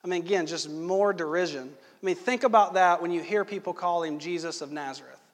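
High-voiced preacher in an echoey hall. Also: male voice, a little fast. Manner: conversational, asks the congregation questions. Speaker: pastor. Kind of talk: sermon. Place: church hall.

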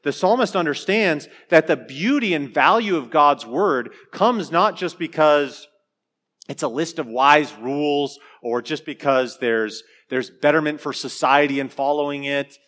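A young man preaching a sermon in a relaxed, chatty way, full of joking asides. His voice sits a little on the high side for a man. He often stops and restarts his sentences. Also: a little slow. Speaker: pastor.

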